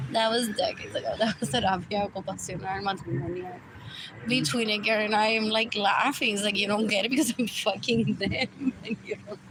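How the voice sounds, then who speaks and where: A woman livestreaming a meandering monologue, repeating herself and switching between English and Spanish, apparently while waiting for a bus. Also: fairly high pitch. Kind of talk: rambling live-stream monologue. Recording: loud street noise with passing vehicles.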